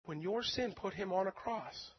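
A man with a high voice preaches and tells a personal story, earnest and emotional, with self-deprecating humor. His words ring out with a long hall echo, and the sound is dull and lo-fi. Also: moderate pace, slightly rough.

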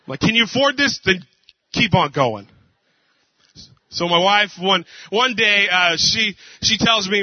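A male pastor preaching a casual sermon, telling jokes and stories with a relaxed, conversational manner. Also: high-pitched, unhurried, dry recording. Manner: casual, joking storyteller. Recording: dull dry lo-fi.

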